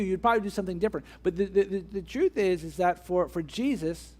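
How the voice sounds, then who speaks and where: A somewhat high-voiced man delivers a sermon from the pulpit. He presses his point through repeated rhetorical questions, letting his emphasis build as he goes. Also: fast, hardly any pauses, darkish tone. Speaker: pastor.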